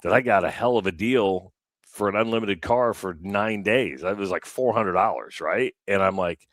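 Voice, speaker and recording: A man co-hosting a morning radio show, telling a long story in a casual, animated way and acting out the other people in it. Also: lowish voice, moderate pace, no echo, studio quality. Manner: animated, acts out quoted voices. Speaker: radio co-host.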